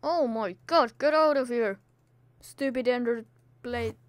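Woman gamer, high voice, theatrical put-on delivery, scolds enemies, non-native english phrasing. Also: unhurried, dry recording. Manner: dramatic put-on recording voice. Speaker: gaming video host. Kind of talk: Minecraft let's play commentary.

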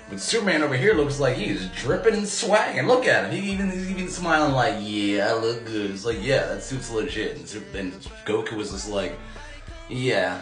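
Profane rambling man riffing on cartoons. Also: fairly low pitch. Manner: profane, rambling, acts out characters' lines. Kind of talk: casual comedic rant.

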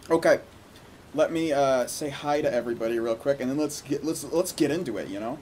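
A man's voice: mid-range voice, brisk, darkish tone, a little hiss or hum. A man hosting a casual livestream, greeting viewers by name and chatting loosely with some swearing. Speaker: livestream host.

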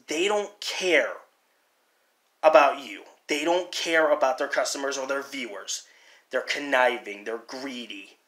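A man delivering a heated, profane rant as a channel host, shouting in bursts before settling into a quieter, apologetic tone. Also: fairly high pitch. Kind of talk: angry rant to camera. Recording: roomy echo.

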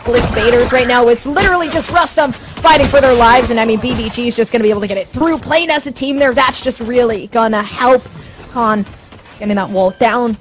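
A woman calls an esports match live in a fairly high voice. She stammers and repeats words as the action moves, and a clear background noise runs under her. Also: brisk, poor audio. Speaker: esports caster. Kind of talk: live play-by-play commentary.

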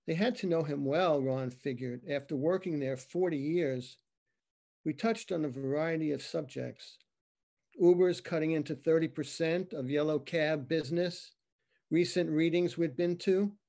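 Slow, high-voiced poet reading aloud. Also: male voice, creaky, mellow. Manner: slow, dramatic reading with acted dialogue. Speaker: poet reading his work. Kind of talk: poetry reading.

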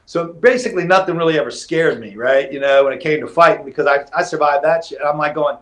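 A middle-aged man with a drawl tells old fight stories as a podcast guest. His voice sits slightly high, and he acts out each quote with gusto, cursing casually along the way. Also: quick pace. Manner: animated storyteller who acts out quotes, swears casually. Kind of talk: casual storytelling interview.

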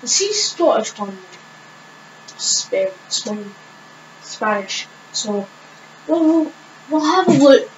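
A woman giving casual gameplay commentary on her own channel, thinking aloud in a hesitant way with many pauses and fillers. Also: high voice, big pitch swings, lo-fi sound, slight background noise. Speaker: gaming channel host.

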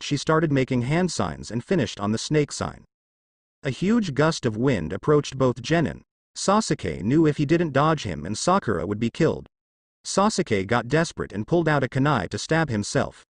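A man narrating a fanfiction story in a steady storytelling manner. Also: medium pitch, no echo, clean studio sound. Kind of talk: fanfiction reading.

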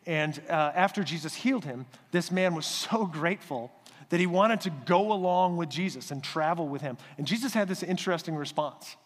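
A male pastor giving a conversational, animated sermon in a church sanctuary. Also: fairly high pitch, moderate pace, long reverb tail.

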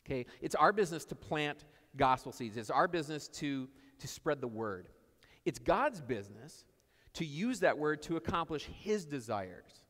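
A man's voice: fairly high pitch, very animated, moderate pace, a bit bright. A man preaching a sermon in a church, telling stories in a conversational way and repeating his key phrases. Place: church sanctuary. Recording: long church reverb.

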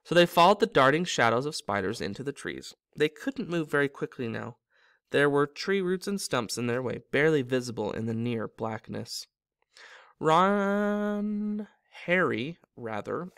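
A man's voice: mid-range voice, gravelly, fairly bright tone, dry recording, clean studio sound. A man reading a novel aloud as a storyteller, with small slips that he corrects himself. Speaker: reader.

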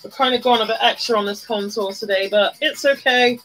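A woman's voice: on the high side, a little fast, fairly bright tone, faint music behind, poor audio. A woman chatting casually on a makeup live stream, greeting viewers by name and bursting into little sung bits. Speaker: livestreamer doing makeup.

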